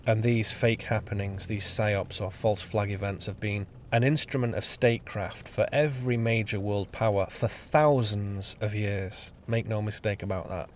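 A man's voice: lowish voice, steady tone, moderate pace, few pauses, a little hiss or hum. A man giving an improvised spoken-word essay on his podcast, emphatic and sardonic, hammering out lists word by word. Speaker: podcast host and author. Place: on location.

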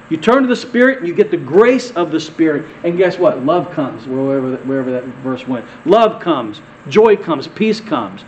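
A male pastor preaching a conversational sermon, asking the congregation questions and repeating words, swinging from emphatic peaks to quiet asides. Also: a little high, expressive, normal speed, few pauses, slight background noise, rough recording.

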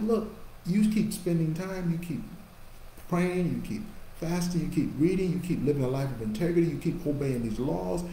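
A man preaching a Bible-teaching sermon, animated, swinging between loud exhortation and quiet asides. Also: a little high, reverberant, slight background noise, rough recording. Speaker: pastor.

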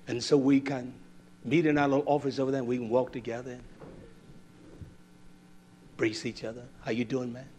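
An older man preaching a sermon, scolding and fiery, swinging from low mutters to loud outbursts. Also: slight background noise.

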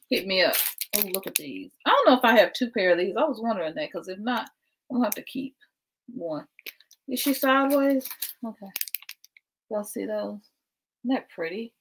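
Woman, casual livestream host, chatty and laughing, ordinary middle pitch. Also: noisy background. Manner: chatty, keeps addressing viewers as y'all; laughs often, talks while packing. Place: at home indoors.

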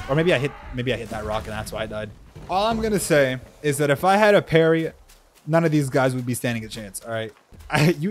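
A young man giving casual, excitable, self-mocking commentary while playing a video game, yelping when he gets hit. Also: a little high. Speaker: gaming YouTuber.

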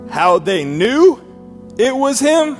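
A man preaching a sermon as pastor, animated, swinging between loud bursts and low, intimate passages. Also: slow pace, faint music behind.

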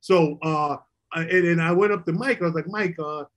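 Speaking at normal speed in a fairly high, fairly bright voice, a middle-aged man who used to play basketball casually and animatedly recounts stories about his recovery program.

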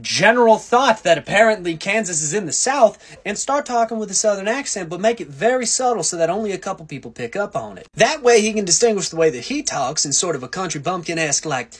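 Animated, swearing young TikTok ranter. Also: mid-range voice, fast talker, few pauses, breathy edge. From US West Coast. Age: 20s. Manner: animated, swears often, self-deprecating. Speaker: TikTok creator. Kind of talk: casual comedic opinion rant.

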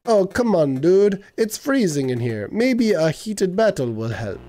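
A man's voice: sits high, big pitch swings, a little slow, warm tone, pitched above the performer's own voice. A man voicing a chilly game opponent in a put-on Jamaican accent, reading game lines mock-dramatically. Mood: mock-cold.

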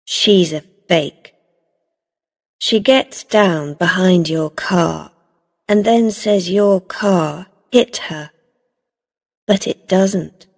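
A woman voicing a shrewd, calm and cunning woman in a storybook reading, measured and knowing. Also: mid-range voice, gravelly, slightly rough, exaggerated voice. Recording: long reverb.

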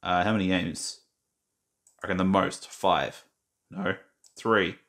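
A man's voice: sits low, fairly even intonation, slow pace, fairly bright tone. A young Australian man chatting casually while reading quiz questions aloud, muttering and mocking himself. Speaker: gaming vlogger. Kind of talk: casual screen-recorded commentary.

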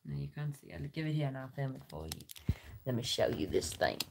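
A woman's voice: rumbling low, very animated, fairly quick, vocal fry, noisy background. A woman hosting a casual band livestream, joking crudely and reading viewer comments aloud.

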